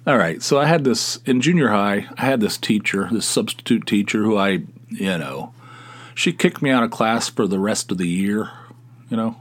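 A middle-aged man from West Virginia, a podcast host, telling rambling, animated stories with chuckles in a casual style. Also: fairly low pitch, normal speed. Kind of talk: casual anecdotal storytelling.

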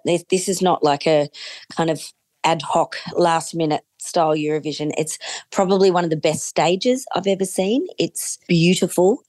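A woman's voice: lowish voice, darkish tone, no room sound. An Australian woman, a music commentator, answering interview questions in an enthusiastic, chatty way. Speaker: Eurovision commentator.

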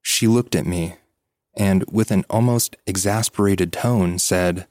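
A man hosting a podcast, calmly reading a listener's story aloud as scripted narration. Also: sits low, no room sound, clean studio sound. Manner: calm, measured storytelling.

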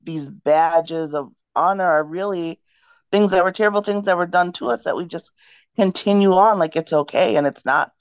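A woman's voice: on the low side, moderate pace, clear, resonant tone, no room sound, highs cut off. A woman co-hosting a casual podcast, talking in an earnest, reflective way. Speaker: podcast co-host. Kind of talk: casual conversation.

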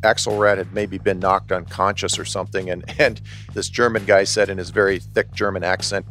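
Low-voiced man telling a story. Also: a little fast, faint music behind. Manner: relaxed, chuckling, many restarts. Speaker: author and historian interviewed. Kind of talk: storytelling interview.

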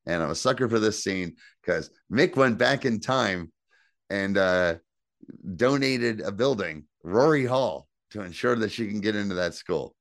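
A man's voice: fairly low pitch, lively intonation, a little slow, fairly bright tone, no echo, studio quality. A man co-hosting a podcast, chatting casually and profanely and reading listener reviews aloud. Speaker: podcast co-host. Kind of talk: casual chat reviewing a TV episode.

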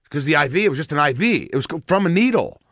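A man telling a dramatic personal story in casual chat, animated and acting out dialogue, swearing freely. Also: fairly high pitch, rapid-fire, dry recording.

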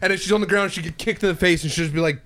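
A young man in a crude podcast chat, telling comic stories in a wry, drawn-out way. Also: sits high, steady tone, a bit bright, no room sound. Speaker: podcast co-host. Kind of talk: crude casual banter.

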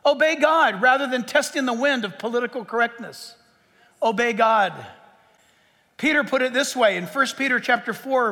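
High, bright-voiced man preaching in an echoey hall. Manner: emphatic, quoting scripture with asides and laughs. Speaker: pastor. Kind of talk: sermon.

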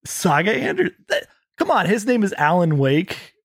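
A man's voice: high voice, wildly swooping pitch, moderate pace, vocal fry, breathy edge, no room sound, studio quality. A man co-hosting a casual gaming podcast, talking in an eager, playful way. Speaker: podcast co-host. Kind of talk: casual chat.

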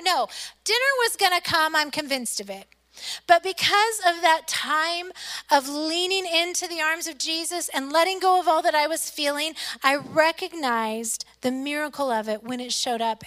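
Bright high-voiced woman preaching. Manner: earnest storytelling, swings between loud emphasis and soft hushed lines. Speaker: pastor. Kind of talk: sermon with personal story.

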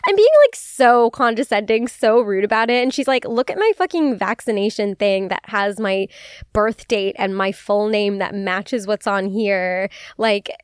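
A woman's voice: mid-range voice, lively intonation, moderate pace, clean tone, no echo, studio quality. A woman in her twenties hosting a podcast, telling a story in casual chat, swearing freely and laughing often. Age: 20s. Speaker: podcast host.

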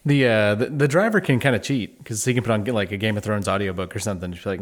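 A man who is a father, joking dryly and playfully in casual podcast banter. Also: quick pace. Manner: dry, playful, wandering pitch. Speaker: podcast guest or co-host, a father.

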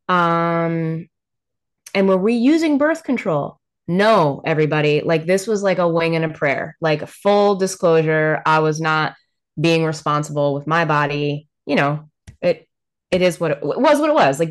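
Low-voiced, blunt, laughing woman. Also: moderate pace. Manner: blunt, profane, laughs often. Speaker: podcast guest. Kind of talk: candid personal storytelling.

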